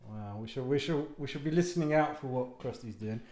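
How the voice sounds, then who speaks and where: A man's voice: medium pitch, a little fast, a little mellow. Rambling man in an echoey room. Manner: rambling, self-mocking, swears casually. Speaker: author talking to viewers. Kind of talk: casual rambling monologue. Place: home lounge. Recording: roomy echo.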